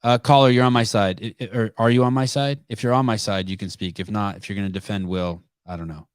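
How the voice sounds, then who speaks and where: A man's voice: on the low side, fairly even intonation, fast talker, clear, resonant tone, no echo. A man hosting a live call-in podcast, talking bluntly and profanely in a rambling, casual way. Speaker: podcast host taking calls. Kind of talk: live call-in show chat.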